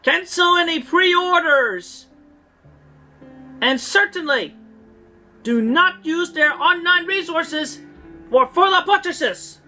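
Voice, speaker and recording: A woman's voice: extremely high pitch, slow, long pauses, pushed and bright, faint music behind, heavily acted. A woman putting on a pompous faux-British ranter. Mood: indignant. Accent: imitated British. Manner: pompous, theatrical, ranting. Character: woman in a put-on pompous British-tinged protest voice. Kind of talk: archived online video rant.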